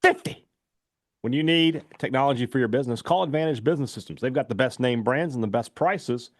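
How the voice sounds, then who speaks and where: A man's voice: medium pitch, quick pace, no room sound, studio quality. A man hosting a sports talk radio show, reading sponsor ads in a loose, chatty way full of fillers. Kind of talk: casual radio talk with live ad reads.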